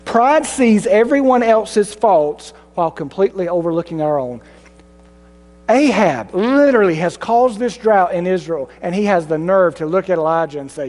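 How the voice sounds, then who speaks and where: A male pastor delivering a sermon, swinging between mocking high voices and low, solemn ones, with self-deprecating humor. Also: a little mellow. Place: church sanctuary. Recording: long hall reverb with mains hum.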